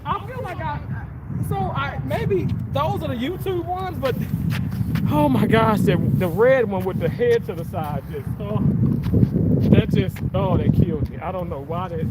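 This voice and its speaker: A man's voice: sits high, measured pace, heavy background noise. A man hosting a casual livestream. He reads viewer comments in a crude, giggly, playful way. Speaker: livestream host.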